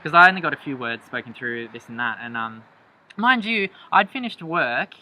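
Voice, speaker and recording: A young man, chatting through a date story in a lively, jumpy way. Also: medium pitch, normal speed, rough recording. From Australia. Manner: animated, jumps into quoted voices, laughs a lot. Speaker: vlogger. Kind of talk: storytime chat.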